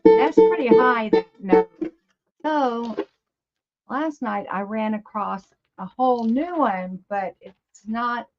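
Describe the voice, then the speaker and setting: A woman over fifty hosting a casual livestream from her home studio, chatting to viewers in a rambling, easily amused way. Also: a little high. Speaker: livestream host. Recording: slightly dull lo-fi livestream audio.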